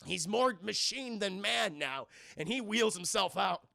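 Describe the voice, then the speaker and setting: A man's voice: sits high, animated, measured pace, vocal fry, sharp tone, dry recording, studio quality. A man reviewing a film on a live stream, talking casually and profanely, rambling and often addressing his chat.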